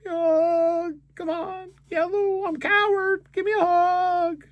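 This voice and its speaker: A man's voice: very high voice, level tone, unhurried, dry recording, lo-fi sound, voice pushed up. A man putting on the voice of a cowardly male hockey player who whines and pleads for hugs. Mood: whining.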